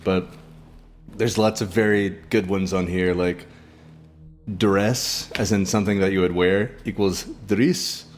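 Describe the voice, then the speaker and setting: A man's voice: low voice, steady tone, a little slow, long pauses, faint music behind. A man co-hosting a casual group chat, joking and swearing freely. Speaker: podcast co-host.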